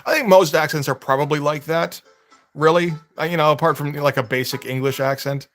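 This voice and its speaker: A man's voice: on the high side, steady tone, a bit bright, faint music behind. A man hosting a livestream, chatting casually and rambling with lots of fillers while a film plays. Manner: rambling, fast, full of fillers. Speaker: host. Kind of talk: casual chat over a film.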